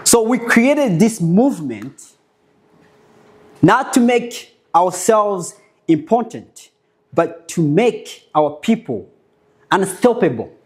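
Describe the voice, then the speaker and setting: Young male speaker, fairly high-pitched, rhetorical and emphatic with occasional stumbles. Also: big pitch swings. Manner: rhetorical, emphatic, with halting restarts. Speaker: conference speaker, movement founder. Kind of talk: impassioned motivational speech.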